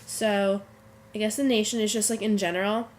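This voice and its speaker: A woman's voice: mid-range voice, fairly even intonation, normal speed, a little hiss or hum. A teenage girl who is sick and congested, rambling to her webcam in her bedroom, chatty and easily sidetracked. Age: teens. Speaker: vlogger. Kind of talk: casual chat to camera.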